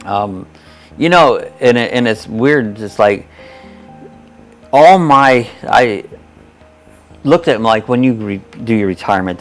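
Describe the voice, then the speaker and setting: This man in his sixties has a lowish, creaky voice and hosts a live chat stream. His talk is folksy and meandering, broken up by frequent chuckles as he reads out comments from viewers.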